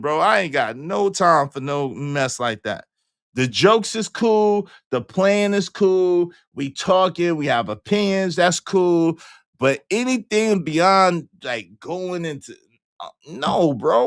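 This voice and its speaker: A man hosting a casual livestream, his voice a little higher than most. He repeats his joking denials over and over, swinging from loud high exclamations down to low mutters. The sound is close and dry. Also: very animated, unhurried, no echo. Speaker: livestream host. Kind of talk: casual livestream chat reading comments.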